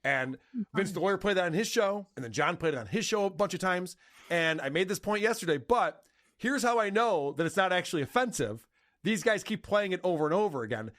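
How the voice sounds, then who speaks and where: A man's voice: high-pitched, lively intonation, fairly quick, a bit bright. A man hosting a podcast, chatting casually and mocking the people he talks about in sarcastic put-on voices. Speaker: podcast host.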